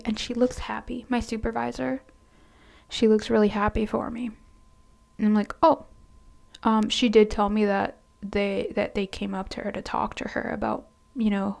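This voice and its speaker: A soft-spoken woman tells a casual storytime in a fairly high but gravelly voice. Her delivery is flat and level, with hesitant restarts, and she often drops into near-whispers. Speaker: storytime vlogger.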